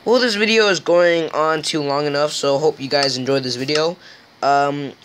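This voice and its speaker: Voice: mid-range voice, moderate pace, a bit bright, a little hiss or hum. A gaming video host giving casual, rambling gameplay commentary, joking and poking fun at themselves. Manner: joking, rambling, self-mocking.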